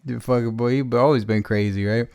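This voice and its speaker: Podcast host, New man, swearing storyteller, dry close sound, mid pitch. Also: steady tone, fairly quick, a little mellow, clear, resonant tone, no room sound. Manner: profane, loose and chuckling. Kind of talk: rambling casual storytelling.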